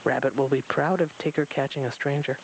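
A man's voice: medium pitch, fairly even intonation, brisk, slight background noise, lightly acted, poor audio. A man voicing an eager, simple-minded male tiger who talks about himself by name, in a storybook reading.

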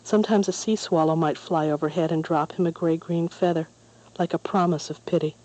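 A narrator reading a children's story aloud in a calm, measured way. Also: mid-range voice, rough recording.

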